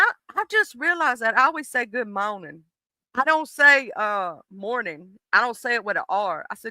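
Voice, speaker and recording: Talking directly to the chat at normal speed, a late-thirties streamer from the American South is animated, casual and freely profane. Their voice sits mid-range, and the recording is rough but echo-free.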